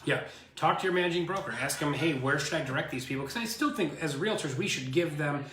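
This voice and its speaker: A man's voice: fairly high pitch, fast talker, echoey room, a little hiss or hum. A man co-hosting a casual show, rambling through stories as a realtor. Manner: animated, rambling storyteller. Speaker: co-host, realtor. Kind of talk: casual chat.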